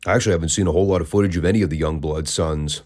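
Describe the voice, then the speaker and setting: A man with a low, dark, mellow voice talks through old wrestling matches in a relaxed, conversational way. He keeps slipping in dry, sarcastic asides. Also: rapid-fire. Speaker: wrestling podcast host. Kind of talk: casual review commentary.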